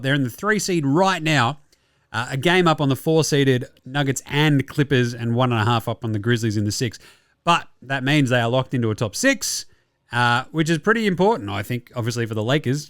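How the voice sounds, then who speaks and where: A man with an Australian accent recapping basketball results in a casual, sweary, excitable and sarcastic way. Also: mid-range voice, no echo, studio quality. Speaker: basketball podcast host.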